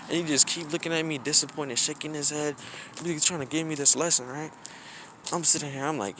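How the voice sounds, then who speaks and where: A man's voice: fairly high pitch, moderate pace, long pauses, pushed and bright, a little hiss or hum. A young man telling a rambling, slang-filled story outdoors in the snow, often restarting his sentences. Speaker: vlogger. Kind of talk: casual storytime.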